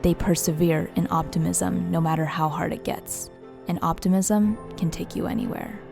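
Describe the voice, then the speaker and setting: A young woman narrating her own video in a calm, earnest, measured voice-over. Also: lowish voice, vocal fry, music in the background. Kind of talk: reflective scripted voice-over.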